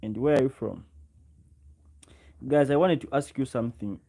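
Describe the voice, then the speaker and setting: A man runs a relaxed livestream, speaking close to his microphone in a warm, mellow, middle-pitched voice. He chats loosely with his audience, calls out viewers by name and circles back over the same words. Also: moderate pace, creaky. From Uganda. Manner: chatty, greets viewers by name and repeats himself often. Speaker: livestream host. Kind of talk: casual live chat with viewers. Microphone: own microphone, close.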